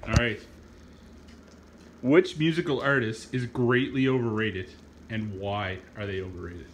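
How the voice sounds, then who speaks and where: A man hosting a hot sauce challenge among friends, teasing and excitable in casual banter. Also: lowish voice, a little slow. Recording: echoey room with faint noise.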